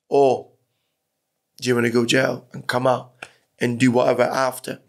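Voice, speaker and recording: Gravelly middle-aged man telling stories. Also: mid-range voice, completely flat delivery, a little slow. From Iran. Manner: candid, swears freely, rambling. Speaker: podcast guest. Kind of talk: casual storytelling interview.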